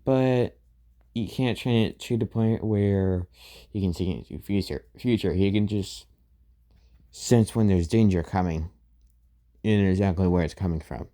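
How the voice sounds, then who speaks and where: A man's voice: deep voice, unhurried, mellow. A man casually retelling a fan-made story, rambling with many fillers and restarts.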